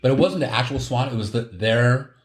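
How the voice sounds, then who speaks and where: A middle-aged podcast host talks a little fast in a medium-pitched voice while recounting a long story. He rambles, corrects himself and laughs at what he's telling in this casual chat, recorded with a roomy echo.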